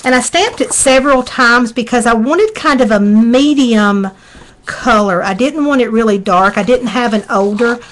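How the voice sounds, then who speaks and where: Speaking at a moderate pace in a slightly high voice, this middle-aged craft demonstrator with a Southern accent talks her way through a live tutorial. She's chatty and folksy, narrating as her hands keep working.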